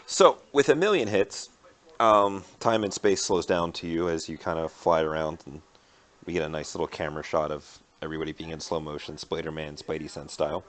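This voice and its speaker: Deep-voiced male game master. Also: brisk. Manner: relaxed, rambling explanations with fillers. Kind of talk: narrating and explaining rules in a tabletop game.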